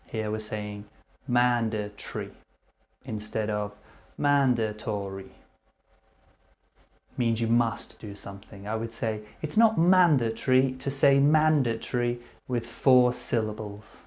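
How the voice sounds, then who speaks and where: Guy teaching english words real slow, says each one twice then explains it, medium voice. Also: medium pitch, animated, a little mellow. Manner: repeats words slowly and clearly, explaining meanings. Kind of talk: slow vocabulary lesson.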